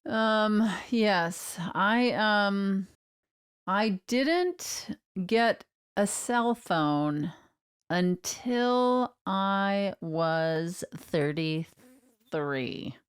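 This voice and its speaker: A woman co-hosting a podcast who speaks slowly and deliberately, with dry humor. Her voice is clean and smooth, and she sits mid-range for a woman. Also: medium pitch. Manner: slow, deliberate, dry delivery. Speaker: podcast co-host. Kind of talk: casual chat.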